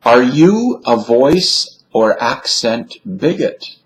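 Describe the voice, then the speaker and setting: Man, unhurried pace, digressive musing, webcam monologue, indoors. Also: mid-range voice, expressive, low-quality recording. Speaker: video lecturer on accents.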